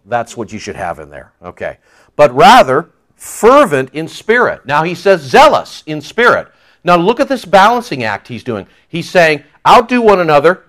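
A male pastor preaching a sermon in an animated, joking way, acting out quoted voices. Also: mid-range voice.

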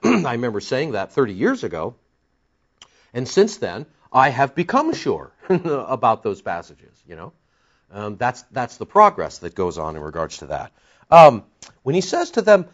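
Animated older man preaching a sermon. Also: medium pitch, muffled recording. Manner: animated, conversational preaching with frequent restarts. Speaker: pastor.

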